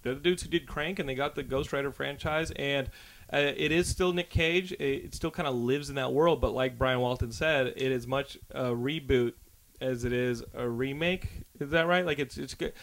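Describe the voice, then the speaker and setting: A man hosting a podcast in casual chat, excitable and rambling, swearing freely. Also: medium pitch, normal speed. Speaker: podcast host.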